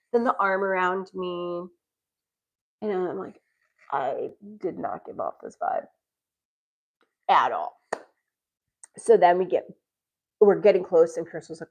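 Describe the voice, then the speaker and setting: A woman's voice: fairly low pitch, moderate pace, pauses often, muffled recording. A middle-aged woman casually telling a story, laughing often and acting out what people said. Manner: animated, laughs often, acts out quoted lines. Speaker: podcast host telling a dating story.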